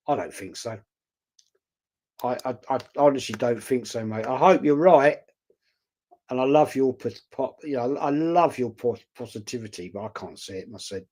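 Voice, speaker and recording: Chatty and outspoken, a man with a medium-pitched, slightly mellow voice reads out comments on his live stream. He answers them bluntly and casually, calling his viewers mate.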